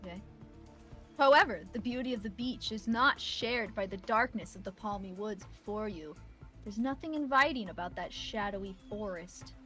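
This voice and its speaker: Bright high girl streamer doing dramatic game narration, music faint behind. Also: lively intonation, moderate pace. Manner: dramatic read-aloud, playful. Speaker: streamer reading a game aloud. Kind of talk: reading game narration with chat.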